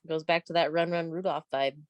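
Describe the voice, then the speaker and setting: A woman co-hosting a casual tarot reading, relaxed and conversational, with many fillers. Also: low voice, brisk, clear, resonant tone, no room sound, highs cut off. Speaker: tarot reader.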